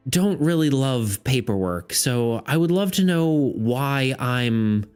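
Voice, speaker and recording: Man putting on a tired dryad lady, sighing, put-upon, slow and steady delivery. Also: medium pitch, clear, resonant tone. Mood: weary. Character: weary female dryad clerk buried in paperwork.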